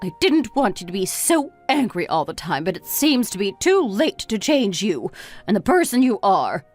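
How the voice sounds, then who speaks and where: A woman's voice: mid-range voice, sing-song, moderate pace, soft background music. A woman voicing a weary middle-aged mother who lectures her grown son reproachfully. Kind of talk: story narration dialogue.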